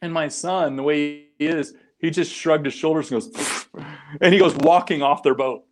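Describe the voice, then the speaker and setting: A man's voice: fairly high pitch, steady tone, a little fast. A middle-aged man, a guest on a podcast, telling casual stories with many restarts and little acted quotes. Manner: rambling anecdotal storyteller, frequent restarts and acted quotes. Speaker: guest, founder of a crayfishing group. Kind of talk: casual storytelling interview.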